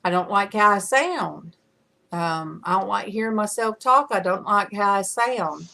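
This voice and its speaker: A middle-aged woman leads a relaxed livestream conversation in front of a camera, talking slowly and stopping often on "uh" and "um". Her voice has a bright, forward edge. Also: mid-range voice, gravelly. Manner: chatty, rambling with many fillers. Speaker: livestream host. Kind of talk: casual chat. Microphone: camera mic.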